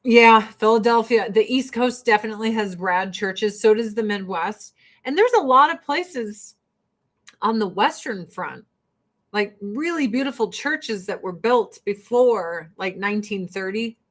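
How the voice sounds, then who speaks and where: A woman from the United States chatting casually while getting ready, telling stories in a profane, animated way. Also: mid-range voice, measured pace. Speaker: vlogger.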